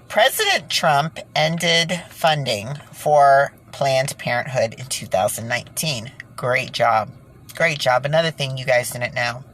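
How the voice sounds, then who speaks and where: A woman with a low voice rants indignantly to her viewers in a slow, dragging delivery. Sighs and nervous laughs break up her talk, and a faint hiss of noise sits under the recording. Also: rough recording. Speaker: vlogger. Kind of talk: casual monologue to camera.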